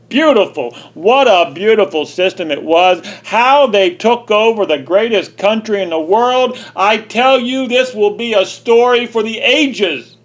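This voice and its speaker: A man rants at length in an indignant, repetitive way, circling back over the same phrases. His voice sits high for a man, and he keeps hammering each point. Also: lively intonation, a little slow, few pauses. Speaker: video commentator. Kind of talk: angry ranting monologue.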